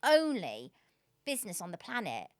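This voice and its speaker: A woman, a podcast guest telling her story in a casual, animated way and laughing often. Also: mid-range voice, normal speed, dry recording, clean studio sound.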